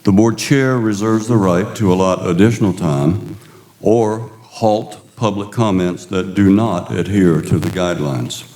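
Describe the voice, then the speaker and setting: Deep-voiced man chairing a board meeting. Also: warm tone. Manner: formal, measured. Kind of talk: reading meeting procedures. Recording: echoey meeting room.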